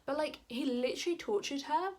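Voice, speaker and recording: A woman with a fairly high voice rants casually about books she disliked. She is animated and exasperated, and "like" keeps cropping up in her talk. Her delivery is that of an informal book vlog. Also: a little fast. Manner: animated and exasperated, heavy use of "like". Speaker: book vlogger. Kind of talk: casual ranting book review.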